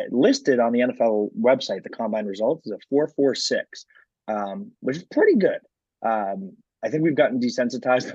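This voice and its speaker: A man with a husky, slightly rough voice talks sports in a loose, rambling way, dotted with "um" and "like." The sound is dry and a little dull, like a lo-fi home podcast setup. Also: medium pitch, a little mellow, dry recording. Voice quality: frequent filler words and restarts. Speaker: podcast co-host. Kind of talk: casual sports chat.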